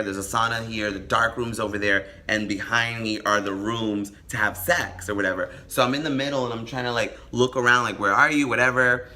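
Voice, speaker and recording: A man telling a story in a casual, gossipy vlog, animated and camp, breaking into sudden high squeals. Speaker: vlogger.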